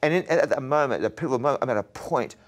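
A man, an evangelist, giving an earnest, halting testimony in an interview, often repeating words as he talks. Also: mid-range voice. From Australia. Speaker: evangelist guest.

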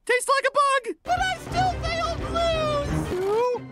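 A voice actor playing an overeager male owl-house creature in a cartoon, who shouts out cheerful, clingy exclamations and keeps hooting. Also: very high voice, animated, slow pace, loud music behind the voice, full character voice. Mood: manic excitement. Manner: constant exclamations, punctuated by hooting. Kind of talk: animated cartoon voice acting. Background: loud cartoon score.

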